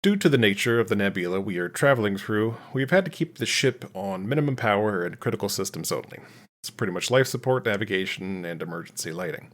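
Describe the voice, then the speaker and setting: A nervous starship captain dictating a log entry, as a man plays him in a comic sketch, hushed and jumpy, with a low voice that swings widely in pitch, the kind of comedy-podcast bit where every line sounds a little spooked. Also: lively intonation, fast, natural voice. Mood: uneasy. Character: uneasy male starship captain recording a log.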